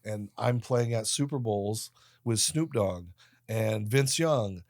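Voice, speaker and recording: A man in his late fifties, a podcast guest who tells his life stories in an animated way and acts out the people in them. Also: on the low side, takes it slowly, no room sound, clean studio sound. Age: 50s. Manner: animated storyteller, voices other people in his anecdotes. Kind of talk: storytelling interview.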